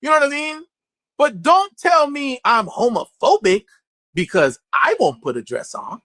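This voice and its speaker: A man gives a candid interview in a swearing, animated, storytelling way. His pitch rises and falls freely. The sound is dry and close, with almost no room echo. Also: a little slow. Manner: blunt and profane, animated storytelling. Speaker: actor, interview guest.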